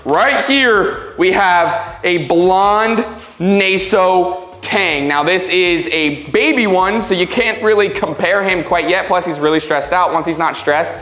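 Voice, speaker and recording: A man's voice: sits high, slow, fairly bright tone. Gushing man in an echoey space. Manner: enthusiastic, gushing, repeats words. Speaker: fish channel host. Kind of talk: casual upbeat vlog chat.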